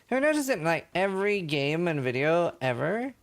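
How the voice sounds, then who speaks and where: A man's voice: on the high side, very animated, moderate pace, a little hiss or hum. A man streaming a game, chatting casually and thinking aloud as he plays. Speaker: gaming streamer. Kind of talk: casual gameplay commentary.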